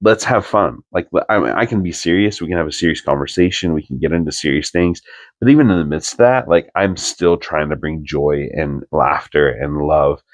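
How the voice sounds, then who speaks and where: Deep-voiced man telling a rambling story. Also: brisk, dry recording. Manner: rambling, full of "like" fillers, earnest. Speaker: podcast co-host. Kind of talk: casual personal storytelling.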